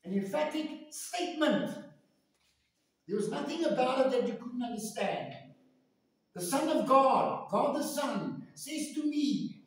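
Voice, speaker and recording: Male pastor, high voice, unhurried emphatic sermon delivery, distant mic, echoey church. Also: sing-song. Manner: emphatic, repeats phrases for stress, swings from soft to loud.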